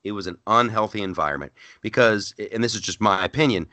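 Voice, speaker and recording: A middle-aged man, a comedian, telling stories in a casual interview, animated and often repeating words as he starts a sentence. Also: on the low side, fast talker, no echo. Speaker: stand-up comedian guest.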